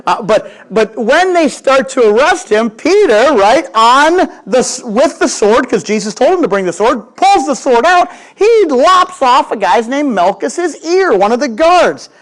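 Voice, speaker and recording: A male pastor preaching with a lively voice that swings up and down in pitch. He tells a Bible story like a conversation, throws in jokes and acts out the quotes. He keeps talking straight to the people in front of him. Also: measured pace, few pauses. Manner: conversational, addresses the congregation directly. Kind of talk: sermon.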